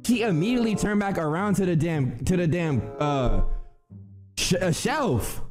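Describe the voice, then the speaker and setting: A man's voice: high-pitched, moderate pace, music in the background. A young man giving loose, slangy comedic commentary and telling stories while reacting to cartoon clips. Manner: animated, loose, slangy, jumps into shouted cheers.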